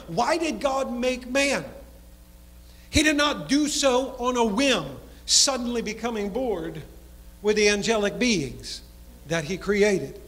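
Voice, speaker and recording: High-voiced preacher in a reverberant church. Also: male voice, lively intonation, slow. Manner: preaching cadence, drops low and soft for emphasis, then speeds up. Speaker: pastor. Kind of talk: sermon. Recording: long hall reverb in a church.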